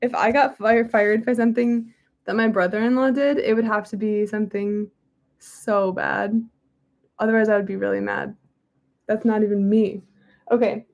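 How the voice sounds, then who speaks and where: A woman's voice: mid-range voice, fairly even intonation, moderate pace, gravelly, a little mellow. A woman reading a history book aloud in a casual way and breaking off often for chatty, apologetic asides.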